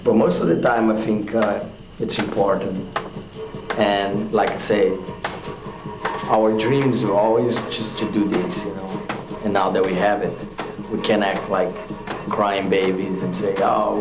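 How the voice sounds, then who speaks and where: A man's voice: on the low side, flat delivery, unhurried. A young man, a touring musician, talking frankly and loosely in a casual documentary interview, with many fillers. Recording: roomy echo with music behind.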